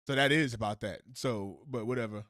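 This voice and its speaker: A man's voice: medium pitch, fairly quick, dry recording, studio quality. A man hosting a live stream, reacting to the news in a heated, profane, rambling way. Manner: profane, animated, rambling with restarts. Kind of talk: casual heated reaction commentary.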